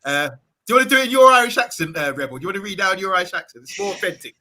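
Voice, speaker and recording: A man co-hosting a football fan show, reading viewer comments in a quick, animated way. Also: sits high. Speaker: co-host. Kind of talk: casual football chat.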